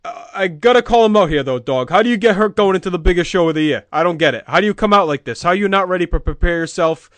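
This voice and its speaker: A man playing a deadpan, know-it-all sports pundit who keeps repeating the same opinion. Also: sits high, fast, hardly any pauses, dry recording. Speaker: podcast co-host in comedy bit. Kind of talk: comedic sports-talk parody.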